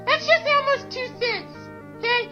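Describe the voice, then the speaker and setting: Squeaky, childlike furry puppet monster on a foul-mouthed rant, dull lo-fi clip with music. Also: male voice, normal speed.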